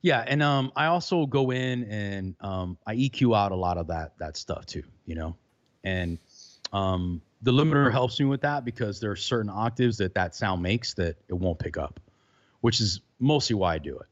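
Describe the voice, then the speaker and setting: A man's voice: lowish voice, animated, normal speed. Man talking loosely over a dull remote line. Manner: loose, rambling with many fillers. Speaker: podcaster guest. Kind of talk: casual chat. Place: home room with some reverb, remote.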